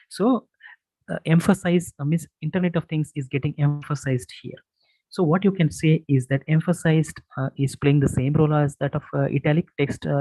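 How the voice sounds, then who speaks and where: A man instructing an online workshop, explaining step by step in a halting way with many fillers and restarts. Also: fairly high pitch, warm tone, slightly rough, poor audio. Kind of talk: screen-share tutorial lecture. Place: online session, voice from his own room.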